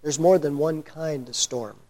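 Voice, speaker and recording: A male preacher with a voice that sits high for a man, delivering a sermon with animated, humorous storytelling. He poses rhetorical questions and sometimes drops to a quiet, earnest tone. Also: measured pace. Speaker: pastor.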